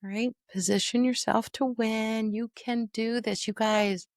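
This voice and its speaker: A middle-aged woman, a dementia caregiver and trainer, coaching listeners on a podcast in a lively, folksy, direct way. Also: fairly high pitch, unhurried, no echo, clean studio sound. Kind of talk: podcast teaching monologue.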